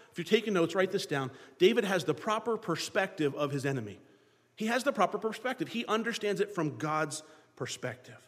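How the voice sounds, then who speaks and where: Man, pastor, sermon, lively swooping delivery, fairly high voice, long reverb. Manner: animated preaching, acting out biblical dialogue.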